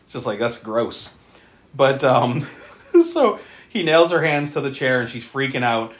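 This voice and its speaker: A podcast co-host recapping a horror movie in casual chat, animated and profane, often laughing. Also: unhurried. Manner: animated, profane, laughing, with sudden pitch jumps. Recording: roomy echo.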